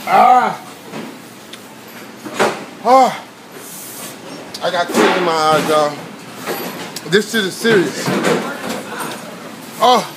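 A man's voice: high-pitched, expressive, extremely slow, long pauses, heavy background noise. A young man, vlogging casually while teary, sweating and gasping as his mouth burns. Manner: gasping and groaning, mouth burning. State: teary, sweating, short of breath. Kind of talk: casual vlog.

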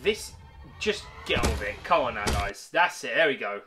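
A man reacting to a film, excitable and swearing, with film music behind him. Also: mid-range voice, normal speed. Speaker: movie reactor. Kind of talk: casual reaction commentary. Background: film music playing.

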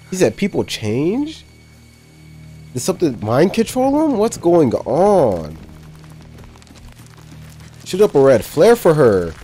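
A man's voice: mid-range voice, warm tone. A young man casually reacting to a movie, talking in loose slang, cursing and laughing a lot.

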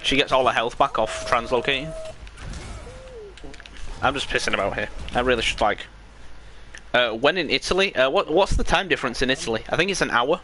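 Bright-voiced British gaming streamer. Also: male voice, mid-range voice, fairly quick, pauses often, slight background noise. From Britain. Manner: joking, laughs often, rambling asides. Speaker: game streamer. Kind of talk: casual live gameplay chat.

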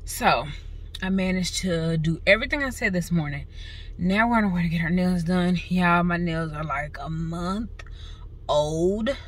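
A young woman with a slightly low voice talks casually into her phone camera, calling her viewers "y'all" as she runs through a busy day. She is pregnant and sometimes a little out of breath. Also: normal speed. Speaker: vlogger. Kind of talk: casual vlog chat.

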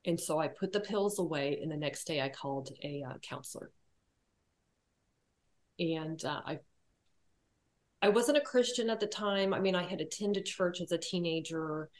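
A woman telling her personal story as a podcast guest, quiet and reflective, hesitating often with fillers and restarts. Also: fairly low pitch, normal speed, long pauses.

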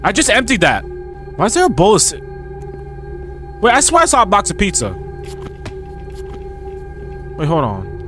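A young man commentating a horror game he is playing, loud, profane and joking as he talks back at it. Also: high voice, huge pitch swings, normal speed, pauses often. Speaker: gaming streamer. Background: game music.

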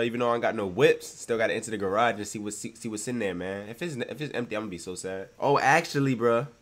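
A young man with a congested voice from a cold, giving slangy, hyped commentary over his gameplay. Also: mid-range voice. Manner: slangy, hyped, loud outbursts. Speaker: gaming streamer.

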